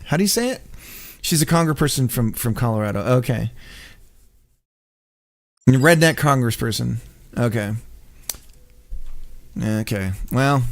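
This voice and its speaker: A man's voice: mid-range voice, a little slow, long pauses. A man chatting casually on a live coding stream, rambling, laughing often and swearing freely. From United States. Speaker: game dev streamer.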